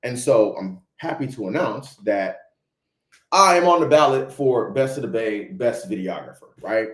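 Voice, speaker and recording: A man's voice: mid-range voice, lively intonation, measured pace, a bit bright. A young man with a Haitian accent tells a story on a livestream, talking emphatically in slang and often checking in with "right?". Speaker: videographer telling a story on a livestream. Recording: roomy echo.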